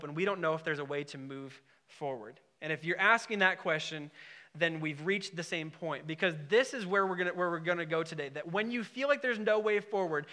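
A man's voice: high voice, pushed and bright. A man preaching a sermon to a congregation in a conversational, emphatic way, with asides and questions to the room. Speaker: pastor.

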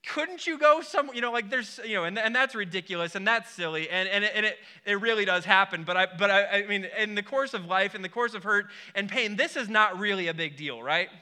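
Young man, pastor, humorous animated sermon, high-pitched, very bright tone. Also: brisk, few pauses, clean tone. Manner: animated storytelling with self-deprecating humor.

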